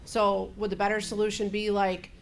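A woman asking a follow-up question about faith, halting and searching for words. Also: medium pitch, level tone. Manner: hesitant, halting with fillers.

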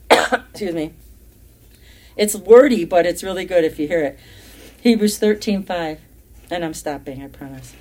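This woman leads a friendly Bible study at a middling pitch. She talks casually, then leans in hard when she reads a verse, repeating key lines for weight. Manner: emphatic, rising and louder when reading verses aloud.

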